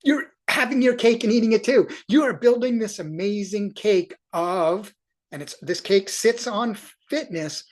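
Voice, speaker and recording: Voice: medium pitch, measured pace, a little mellow. A cycling coach walking athletes through a workout review on screen, talking in an enthusiastic, encouraging and loose way with frequent self-corrections.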